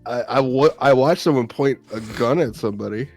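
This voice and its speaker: A man's voice: medium pitch, a little fast, a little mellow, soft background music. A man chatting casually with friends, stammering and repeating words, swearing often. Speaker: podcast co-host. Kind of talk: casual chat among friends.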